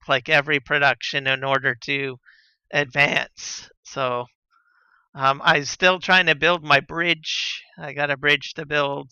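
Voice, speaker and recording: A man chatting casually on a live gaming stream, relaxed and rambling with lots of fillers and soft chuckles, on a slightly dull lo-fi mic. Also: fairly high pitch, clear, resonant tone, no echo. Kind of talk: casual live-stream chat while playing.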